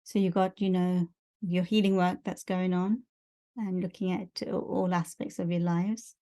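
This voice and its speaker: Low, mellow woman giving spiritual guidance. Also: flat delivery, measured pace. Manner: earnest, encouraging, repetitive lists. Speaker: spiritual teacher. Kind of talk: spiritual energy update talk.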